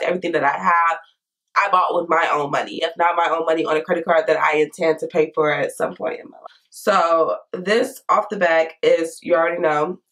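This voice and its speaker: A hoarse, congested woman, chatting frankly to camera in a casual makeup review. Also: lowish voice. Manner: chatty, frank, lively asides. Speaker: beauty vlogger.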